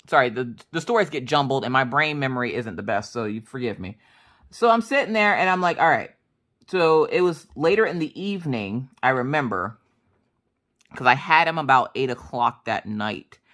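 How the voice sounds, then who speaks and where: A woman in her thirties chatting casually to her viewers, telling stories with jokes and quick asides. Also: rumbling low. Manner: chatty, jokey, animated storytelling. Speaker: crafting vlogger. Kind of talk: casual storytelling chat.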